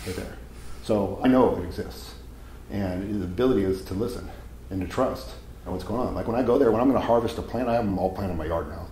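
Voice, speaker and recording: A man's voice: on the low side, quick pace, mellow, roomy sound, slight background noise, poor audio. A man giving a live seminar talk to an audience, casual and profane, telling stories as he goes. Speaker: seminar speaker.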